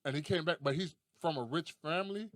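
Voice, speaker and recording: A young adult man hosting a casual podcast, telling stories in a profane, animated way and laughing often. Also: on the high side, fast talker, no echo, clean studio sound. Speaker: podcast host.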